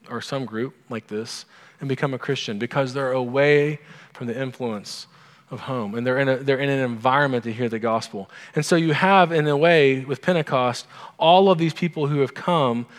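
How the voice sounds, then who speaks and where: Man preaching in a reverberant hall. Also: medium pitch. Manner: informal, asks the congregation questions. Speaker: pastor. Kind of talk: conversational sermon.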